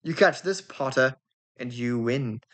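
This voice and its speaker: A woman doing a keen young sports captain, lower and slow. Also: fairly bright tone, exaggerated voice. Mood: explaining. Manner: lower-pitched, explaining step by step.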